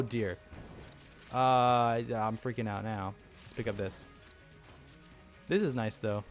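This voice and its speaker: A man giving casual let's-play commentary, rambling with lots of ums and flustered chatter. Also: medium pitch. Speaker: gameplay commentator.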